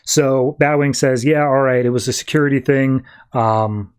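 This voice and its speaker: A man's voice: medium pitch, steady tone, smooth. Casual man recapping a comic. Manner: retells the plot in quick quoted back-and-forth, lots of "like". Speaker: podcast host.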